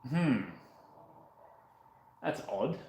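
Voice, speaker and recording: A man's voice: fairly high pitch, animated, very slow, a little mellow. An Australian man from North Queensland, chatting casually and joking with rambling asides while working in his workshop. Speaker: motorcycle restoration vlogger. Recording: echoey room, faint background noise.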